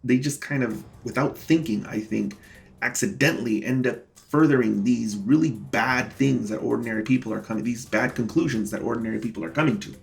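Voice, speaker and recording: A man's voice: medium pitch, brisk, creaky. A man hosting his own vlog, walking viewers through his court filings in a casual but indignant, emphatic way and calling them "guys". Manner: indignant, emphatic, repeats key words for stress; talks straight to viewers as "guys". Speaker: self-represented litigant and channel host.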